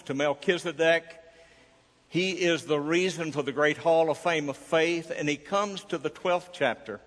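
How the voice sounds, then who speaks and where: A man's voice: fairly high pitch, fairly bright tone, big-room sound. A man preaching a sermon, telling a personal story in a folksy way and acting out its dialogue. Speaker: pastor.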